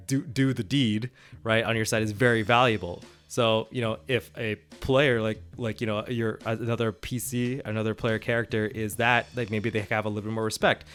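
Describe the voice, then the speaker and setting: Co-hosting a tabletop gaming podcast, a man with a fairly low, fairly bright voice chats casually about role-playing games. He rambles through his points with many fillers and restarts, laughing often, as faint music plays behind him.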